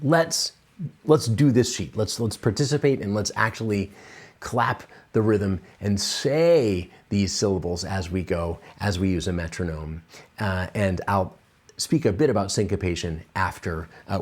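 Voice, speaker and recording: Slow, low-voiced piano teacher man. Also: expressive, darkish tone. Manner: unhurried, with frequent fillers. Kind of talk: relaxed instructional explanation.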